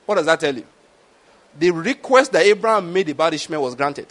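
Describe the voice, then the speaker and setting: A man preaching a sermon, animated, often checking that listeners follow his point. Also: on the high side, a little fast. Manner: animated, keeps asking "do you get my point?".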